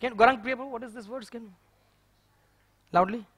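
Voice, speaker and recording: A man giving a sermon in a temple, telling a story in a lively, conversational way and chuckling often. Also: very high voice, moderate pace, slightly rough, no echo. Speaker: preacher. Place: temple hall.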